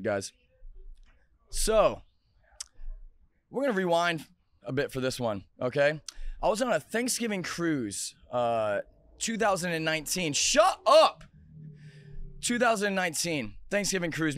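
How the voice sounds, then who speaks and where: A male podcast host telling stories in a casual, energetic, joking way at a restaurant bar. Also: a little high, dry recording, clean studio sound. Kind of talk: casual storytelling chat.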